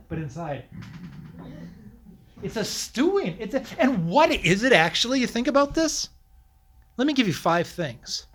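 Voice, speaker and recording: Man preaching with animated questions. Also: high-pitched, moderate pace, husky. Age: middle-aged. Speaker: pastor. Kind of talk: sermon.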